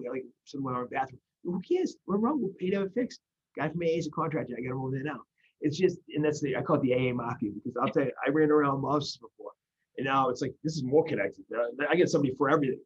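A man speaks fast and earnestly, often restarting his sentences. His voice is husky and slightly rough. The recording sounds dull and lo-fi. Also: mid-range voice. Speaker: guest in recovery. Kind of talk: casual conversation.

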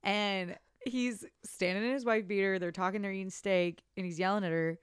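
A young woman chatting on a podcast, retelling a film scene with lively energy and slipping into the characters' lines. Her voice sits in a middle register. The sound is dry and close. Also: mid-range voice, normal speed, clean tone, no room sound. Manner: animated, acts out movie lines with laughter. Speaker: podcast co-host. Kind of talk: casual chat recapping a movie.

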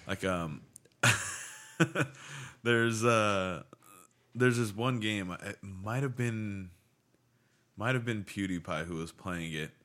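Young male co-host, low voice with a bright edge, swinging pitch, easygoing. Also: slow pace, pauses often. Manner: laid-back, says "man" and "dude", bursts into laughter. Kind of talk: casual chat.

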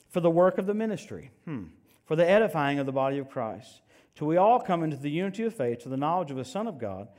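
Preacher, male, middle-aged, slightly high voice; lively, jokey delivery with sudden shouts and quiet asides. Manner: animated, jokey, shifts from shouting to hushed. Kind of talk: sermon.

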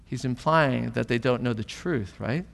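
A pastor preaching a sermon in a conversational way, asking rhetorical questions and building emphasis. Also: male voice, medium pitch, normal speed, gravelly. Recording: long hall reverb.

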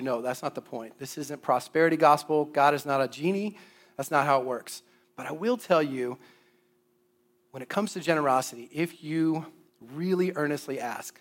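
A man in his thirties preaching a conversational sermon, telling a personal story and getting loud when he acts out his own lines. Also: a little high, normal speed. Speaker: pastor.

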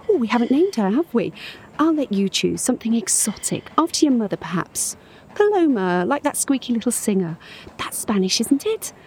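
In an audio drama, an actress portrays a lonely, obsessive middle-aged woman fixated on a stranger, speaking in a hushed, dreamy, intimate manner and at times whispering. Her voice is medium in pitch, the acting is light, and there's slight background noise.

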